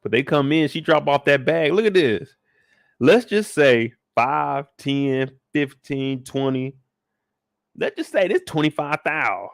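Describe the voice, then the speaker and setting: A man's voice: medium pitch, no echo, clean studio sound. A man hosting a casual live recap of a TV episode, talking in a laid-back, slangy way with joking asides. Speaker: show recap host.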